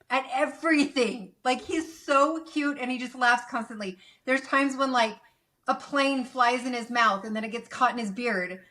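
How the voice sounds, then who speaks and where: A woman guest on a casual podcast, retelling a cartoon in an animated, gushing way. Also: fairly high pitch, normal speed.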